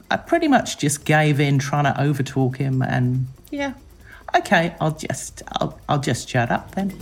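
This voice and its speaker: A woman giving an interview, telling stories in a reflective way and slipping into lively voices when she quotes people. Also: deep voice. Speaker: interviewee, former competition judge. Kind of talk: reflective storytelling.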